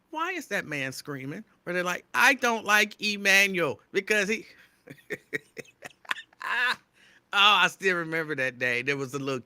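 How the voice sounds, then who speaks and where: Radio host, male, excitable near-yelling delivery, very bright voice, dry close mic. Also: a little high, no echo. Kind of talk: live show shout-outs to listeners.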